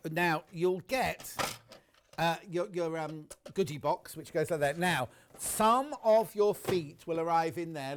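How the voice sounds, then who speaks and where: Lively, chatty man selling on TV. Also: on the high side, a little hiss or hum. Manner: chatty, enthusiastic, talks straight to viewers. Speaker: shopping channel presenter. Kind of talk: live TV product demonstration.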